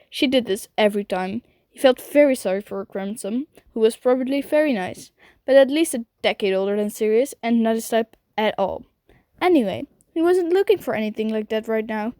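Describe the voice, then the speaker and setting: A woman's voice: fairly high pitch, lively intonation, brisk, mellow, no room sound, clean studio sound. Nervous woman reading her first podfic. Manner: nervous, casual. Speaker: podfic reader. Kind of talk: amateur fanfiction audiobook.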